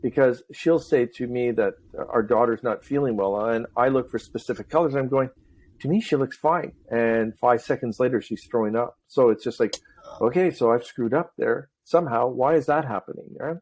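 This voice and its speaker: Middle-aged male podcast host, chatty and animated, relaxed conversational delivery. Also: mid-range voice, moderate pace. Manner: talkative, animated storyteller. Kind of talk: casual chat.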